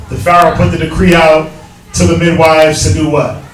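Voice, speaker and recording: A man teaching scripture to a group in a slangy, animated way, full of rhetorical questions. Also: on the high side, moderate pace. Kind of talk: street preaching. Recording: echoey hall from far off.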